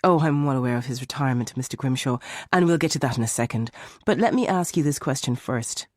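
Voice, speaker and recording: A man's voice: medium pitch, animated, fast talker, close to an everyday voice. A man voicing a male defence barrister who questions a witness sharply and persistently. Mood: probing. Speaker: defence lawyer.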